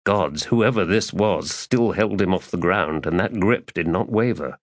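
A man reading a fantasy audiobook in a measured, dramatic storytelling manner. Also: low voice, dry recording, clean studio sound. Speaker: audiobook narrator. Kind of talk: scripted narration.

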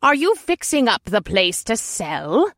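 Man doing an old woman neighbor, husky smoker's wheeze, mock-sweet, nosy, high voice, dry close sound. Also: animated, slow, fairly bright tone, no room sound, exaggerated voice. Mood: sugary nosy. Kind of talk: audiobook character voice.

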